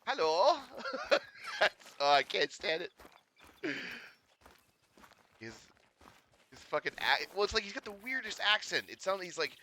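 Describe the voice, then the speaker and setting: A man's voice: high voice, expressive, normal speed, pauses often, sharp tone. A Canadian man streaming a hunting game, chatting casually, swearing and laughing often. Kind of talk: casual gaming stream chat.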